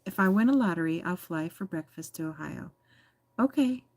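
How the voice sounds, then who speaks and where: American woman streamer, low voice, giggly, teasing, dry close sound, casual chat. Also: expressive, normal speed, no echo. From United States. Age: adult. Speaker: livestream host reading chat.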